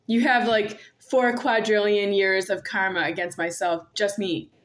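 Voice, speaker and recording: A woman's voice: mid-range voice, fairly even intonation, unhurried. A woman vlogging alone, rambling and confrontational, repeating herself as she speaks to an unseen "you". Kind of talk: rambling monologue to camera.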